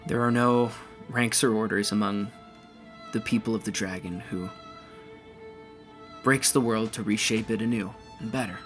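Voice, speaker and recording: A man's voice: lowish voice, steady tone, moderate pace, long pauses, fairly bright tone, faint music behind, natural voice. A man voicing a sheepish young believer in a tabletop game, speaking hesitantly.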